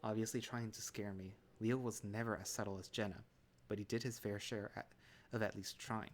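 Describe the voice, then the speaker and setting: Low-voiced man reading a story. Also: fairly quick. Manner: calm, relaxed reading with small restarts. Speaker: reader narrating a visual novel. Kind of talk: first-person story narration.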